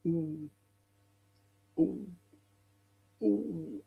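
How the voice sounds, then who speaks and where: A man's voice: on the high side, very slow, gravelly, slightly rough, phone-quality sound. An older man hosting a live podcast, reacting bluntly to a football match, swearing and urging the players on while reading out chat messages.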